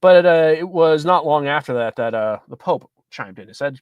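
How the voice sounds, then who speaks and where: A Catholic commentator from the United States reading an article aloud and commenting on it with sardonic asides. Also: male voice, fairly high pitch, moderate pace, hardly any pauses, clear, resonant tone, no echo, studio quality. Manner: animated, sardonic, laughs at his own reading.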